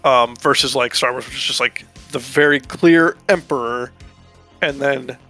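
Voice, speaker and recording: A man's voice: mid-range voice, moderate pace, bright, forceful tone, faint music behind. A man co-hosting a podcast, chatting casually about a movie and often restarting his sentences as he hesitates. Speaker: podcast co-host.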